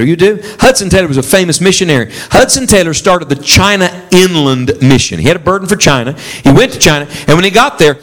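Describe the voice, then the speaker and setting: A male preacher delivers an animated sermon, his voice swinging widely up and down as he pushes the congregation to answer him. He sits a little higher in pitch than most men, with rising bursts of emphasis. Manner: animated preaching with call-and-response.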